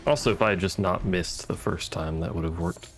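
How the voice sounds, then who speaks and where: Wry, gravelly gaming streamer man. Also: deep voice, a little fast, faint music behind. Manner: muttering, wry, swears at enemies. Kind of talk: casual gameplay commentary.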